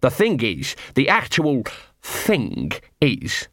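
A man's voice: mid-range voice, huge pitch swings, takes it slowly, a bit bright, no echo, clean studio sound, exaggerated voice. Man doing a rambling, nervous scruffy dog. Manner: rambling, ungrammatical street talk, repeats himself.

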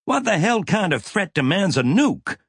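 A man reading an audiobook, voicing a gruff male crewman who growls and snaps in a raised, heated voice. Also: high voice, very animated, normal speed, a bit bright, dry recording, studio quality, pitched above the performer's own voice, heavily acted. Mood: outraged.

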